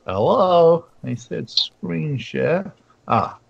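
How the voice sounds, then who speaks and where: A man's voice: a little high, animated, creaky, breathy edge, no echo, lo-fi sound. A man with a British accent joining a live stream call, bantering and joking. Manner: joking, quick to laugh. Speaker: co-host on a call. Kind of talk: casual banter.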